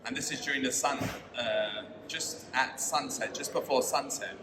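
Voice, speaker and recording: A man telling a personal story on stage, lively, acting out his own thoughts as quotes. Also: medium pitch, normal speed. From London. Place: stage at a live storytelling night. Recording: echoey hall, mic far off, noisy.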